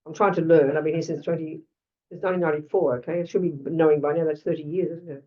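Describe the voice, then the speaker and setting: Older australian woman teaching, lowish pitch, blunt, chatty asides, dull far-off mic. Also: fairly even intonation, quick pace. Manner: blunt, conversational, frequent asides. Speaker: Buddhist teacher. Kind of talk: dharma talk. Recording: lo-fi, distant mic.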